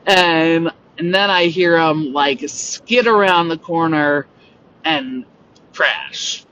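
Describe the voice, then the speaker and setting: A woman's voice: sits low, takes it slowly. Rambling woman storyteller, slightly distant mic. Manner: rambling, animated, heavy use of "like". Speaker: podcast host. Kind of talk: casual storytelling monologue. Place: home on a rural homestead. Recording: distant, dull lo-fi mic with faint noise.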